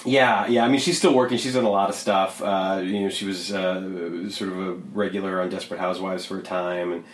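Animated man chatting in an echoey room. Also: low voice, fairly quick. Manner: animated, rambling with restarts. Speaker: podcast co-host. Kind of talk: casual chat. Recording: roomy echo.

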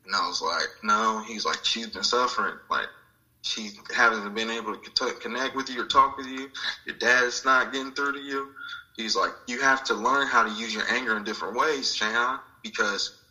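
A man's voice: medium pitch, fairly even intonation, normal speed, pushed and bright, low-quality recording. A man sharing a personal spiritual story in an interview, reflective and acting out the voices of people he quotes. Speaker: guest.

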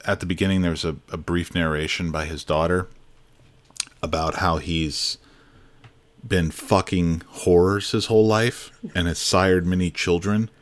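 A man with a very low voice talks through films in a loose, chatty podcast style. He is opinionated and laughs easily. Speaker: film podcast co-host. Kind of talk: casual film review chat.

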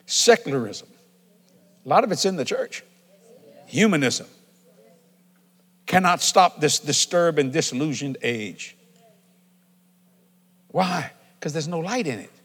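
A middle-aged preacher with a fairly high, husky voice delivers a folksy church sermon slowly and expressively, pausing often. He shifts between easy conversation and loud shouting, and the large hall adds a long reverb.

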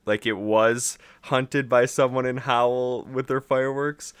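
A man's voice: medium pitch, fairly even intonation, a little slow, clean tone, no room sound. A man hosting a podcast in casual chat, telling venting stories and swearing freely. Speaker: podcast host.

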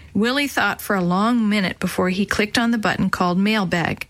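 A woman narrating a children's book in a clear, measured way. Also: mid-range voice, fairly bright tone. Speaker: audiobook narrator.

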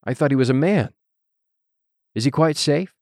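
A man's voice: a little high, moderate pace, a little mellow, no room sound, clean studio sound, voice pushed up, close to an everyday voice. A man reading the lines of an anxious, tender-hearted young girl who is a queen, in a fretful, pleading way.

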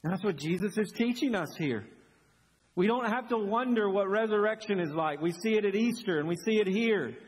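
A man preaching a sermon as pastor, in an animated, conversational way full of rhetorical questions. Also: high-pitched, brisk. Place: church sanctuary. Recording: husky voice in a long-reverb church hall.

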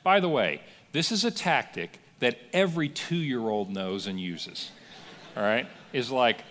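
A man preaching a sermon as pastor, telling stories with lively acted-out quotes in a church. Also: mid-range voice, unhurried, long reverb tail. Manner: animated storytelling with acted-out quotes. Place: church sanctuary.

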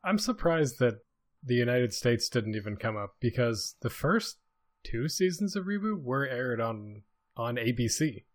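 A man's voice: medium pitch, sing-song, a little slow. A man co-hosting a casual podcast chat, teasing playfully and laughing as he talks. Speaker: podcast co-host.

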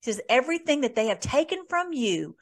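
A woman's voice: sits high, sing-song, fairly quick. A woman hosting a conversational Bible teaching, reading scripture aloud and commenting earnestly with many fillers. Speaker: host.

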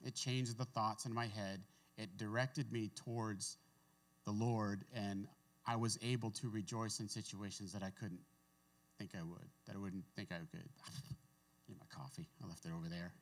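A man preaching a relaxed, conversational sermon, reading scripture and adding his own asides. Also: on the low side, moderate pace. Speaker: pastor. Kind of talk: casual sermon.

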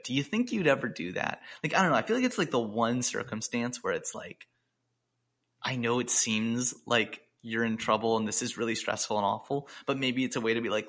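A man's voice: medium pitch, animated, brisk, fairly bright tone. A man co-hosting a podcast, chatting in a loose, rambling way with many restarts. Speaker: podcast co-host and coach. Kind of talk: casual podcast chat.

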